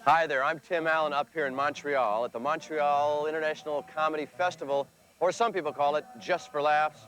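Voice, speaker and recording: A man's voice: a little high, fairly even intonation, brisk, a bit bright, rough recording. A man hosting a comedy festival promo on location, wisecracking and playful. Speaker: host.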